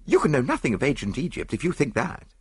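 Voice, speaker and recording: A man voicing a scornful, incredulous English gentleman in an audiobook, sputtering in disbelief. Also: medium pitch, wildly swooping pitch, quick pace, slightly rough, no echo, studio quality, voice pushed up, full character voice.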